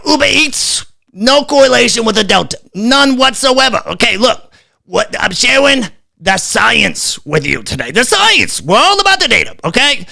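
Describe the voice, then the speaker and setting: A man's voice: extremely high pitch, gravelly, bright, forceful tone, voice pushed up, exaggerated voice. A man doing a sarcastic older health official. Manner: mock-earnest lecturing, sing-song, sarcastic. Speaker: host doing an impression.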